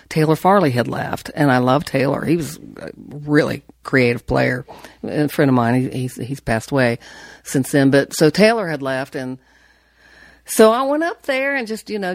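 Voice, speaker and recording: Woman, low pitch, dry close sound, casual storytelling, laughs between restarts. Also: no echo. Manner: animated, laughing, rambling with restarts. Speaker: banjo player, interview guest.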